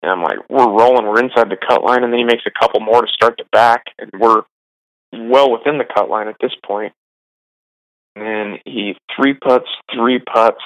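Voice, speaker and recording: A man's voice: fairly low pitch, fairly bright tone, dry recording, rough recording. A young man working as a caddie, rambling through stories in a casual, self-deprecating way. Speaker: golf caddie being interviewed. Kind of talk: casual storytelling.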